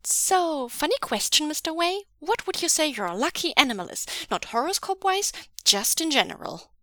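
A woman's voice: high voice, sing-song, moderate pace, fairly bright tone, no room sound, clean studio sound, voice pushed up. A woman voicing a cheerful, awkward teenage boy apprentice witch who asks bouncy, nosy questions in an audiobook reading of fan fiction.

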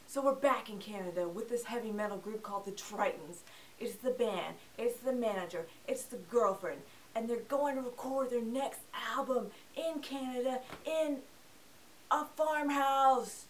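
A woman's voice: fairly high pitch, measured pace, distant mic, slight background noise, low-quality recording. Playful, sarcastic woman reviewing films. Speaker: film review host. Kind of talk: casual scripted movie review.

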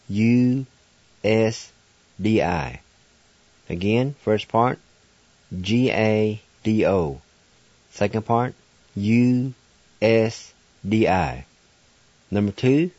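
Man, radio language lesson, very slow deliberate delivery, spells words letter by letter, dry muffled sound. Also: lowish voice, a little mellow, no room sound.

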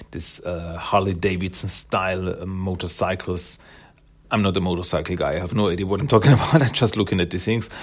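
Man, lowish voice, easygoing comic recap, rambling with fillers. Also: breathy edge. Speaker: comic book reviewer.

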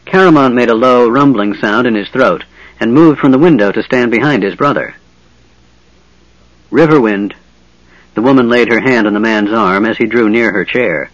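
A man giving a measured, dramatic audiobook narration of a fantasy story. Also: mid-range voice, dry recording, dull audio.

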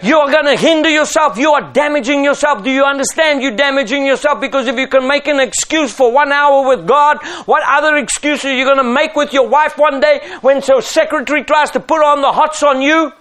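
Middle-aged pastor guy preaching, high voice, keeps asking the crowd do you understand. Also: a little fast, hardly any pauses, a bit bright. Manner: emphatic, preaching with rhetorical questions. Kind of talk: sermon.

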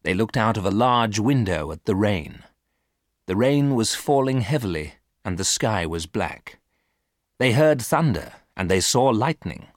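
A man reading a storybook aloud for learners, in a clear, deliberate way. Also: lowish voice, expressive, no echo, studio quality. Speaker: narrator.

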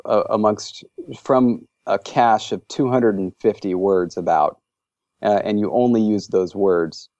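Guy with a low gravelly voice, dark tone, gushing and rambly, dry muffled lo-fi sound. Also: no room sound. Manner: enthusiastic, rambling with many fillers. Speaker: interview guest, language creator. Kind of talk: casual interview chat.

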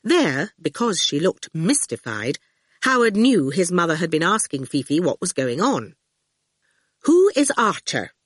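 Woman, storybook narration, expressive, lively pitch, slow, dry recording. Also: no echo. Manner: unhurried, expressive reading. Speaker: audiobook reader.

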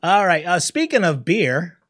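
A man's voice: sits high, sing-song, unhurried, a bit bright. A man co-hosting a podcast, chatting casually, laughing often and swearing now and then. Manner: laughs often, swears, acts out quoted people. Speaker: podcast co-host. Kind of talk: casual chat.

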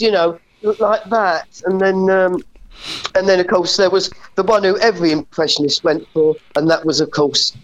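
A male caller on a telephone line, talking casually with a radio host. He halts and stammers, restarting his phrases. His voice sits fairly high. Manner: halting, stammering. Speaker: phone-in caller. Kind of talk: casual chat.

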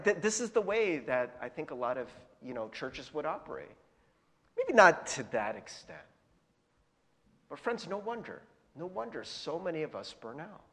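A man's voice: a little high, fairly bright tone, slightly rough, long reverb tail. A male pastor preaching a sermon, telling candid stories with self-deprecating laughs and casual fillers.

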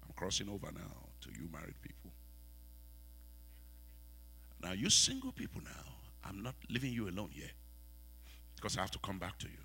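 A male pastor with a West African accent preaches to his congregation, moving from hushed asides to loud, rising calls. His voice is husky and very bright, with a lively, swooping pitch. A faint mains hum sits under the church recording. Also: quick pace. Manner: dramatic preaching, asks the congregation questions, swings from soft to loud. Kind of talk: sermon.

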